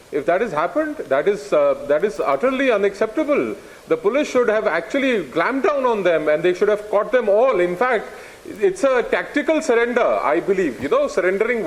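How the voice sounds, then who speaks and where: A man with an Indian accent speaking as a panelist in a televised debate, impassioned and stammering as he pushes into his points. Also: sits high.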